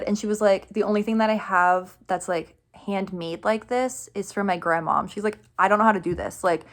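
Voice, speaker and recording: A young woman tells a vlog story in a loose, rambling way. She stacks up fillers and chatty asides, and her voice sits at an ordinary middle pitch. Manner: excited, rambling, many fillers and "like"s, laughs often. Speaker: vlogger telling a fan story.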